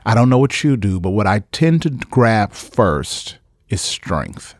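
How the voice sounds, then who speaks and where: A man's voice: on the low side, big pitch swings, takes it slowly, dry recording, clean studio sound. A man pastor delivering an emphatic podcast sermon, repeating phrases and breaking into casual asides. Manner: emphatic, repetitive, preacherly with conversational asides.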